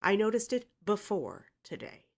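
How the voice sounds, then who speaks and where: A woman voicing a blustering, angry old uncle who snorts and shouts indignantly in a storybook reading. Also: medium pitch, wildly swooping pitch, moderate pace, gravelly, voice pushed up, exaggerated voice.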